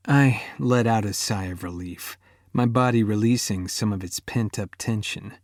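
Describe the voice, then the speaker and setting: A man's voice: fairly low pitch, moderate pace, darkish tone, no echo, clean studio sound. A man narrating a romance audiobook in the first person, intimate and emotive, sinking almost to a whisper in tender moments.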